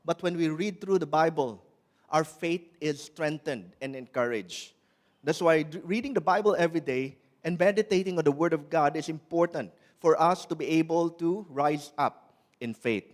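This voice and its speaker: A man preaching a sermon in an earnest way, slowing down to press on quoted scripture and now and then restarting a word. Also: a little high. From Malaysia. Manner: repeats and restarts words. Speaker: pastor.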